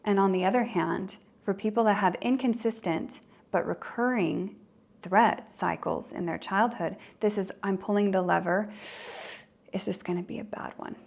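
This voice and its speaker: Woman podcast host, trauma coach, middle pitch with some gravel, conversational, explains with acted-out quotes. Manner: conversational, acts out quoted inner voices.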